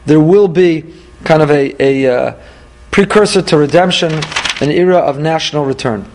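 Man, fairly high voice, emphatic, teaching a Torah class, quotes Hebrew verses. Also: normal speed, darkish tone. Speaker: rabbi teaching weekly Torah portion.

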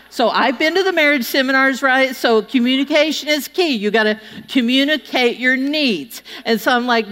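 A woman's voice: sits high, normal speed. Folksy woman storyteller in a reverberant hall. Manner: chatty, folksy, acts out quotes with lively voices. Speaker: public speaker. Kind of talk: humorous storytelling speech to an audience. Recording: long reverb of a large hall.

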